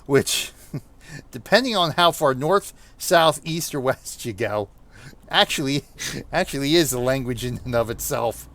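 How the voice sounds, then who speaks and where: A man's voice: medium pitch, animated, measured pace, fairly bright tone. An American man with a Northeastern accent chatting with viewers while he plays, rambling and laughing often. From United States. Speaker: streamer. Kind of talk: gameplay commentary chatting with viewers.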